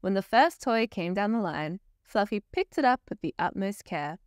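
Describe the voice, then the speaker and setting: Lively woman reading a children's story. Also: medium pitch, moderate pace, clear, resonant tone, no echo, studio quality. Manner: expressive, playful storytelling.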